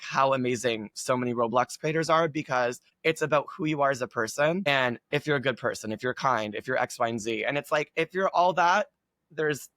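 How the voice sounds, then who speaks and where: A man's voice: medium pitch, fairly bright tone, no room sound. A man chatting as a guest creator, gushing and upbeat, with lots of filler words. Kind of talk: casual chat.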